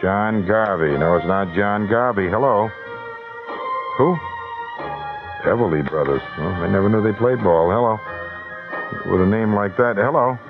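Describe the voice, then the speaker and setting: A man's voice: lowish voice, music in the background. Wisecracking radio DJ man, tinny broadcast. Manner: brisk, wisecracking, repeats "hello?" to callers. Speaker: radio DJ running a call-in contest. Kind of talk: live radio call-in banter.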